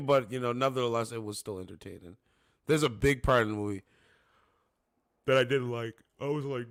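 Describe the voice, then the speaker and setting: A man's voice: medium pitch, lively intonation, normal speed, pauses often, a bit bright, no room sound. A man hosting a casual livestream from his home studio, rambling and repeating "you know what I'm saying". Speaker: livestream host. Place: home studio with two monitors.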